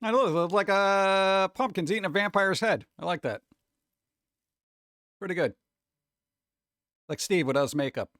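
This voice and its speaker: A man's voice: high voice, moderate pace, long pauses, a bit bright, no echo, studio quality. A man chatting casually with viewers on a live stream, rambling, humming and scatting to himself, his throat a little sore.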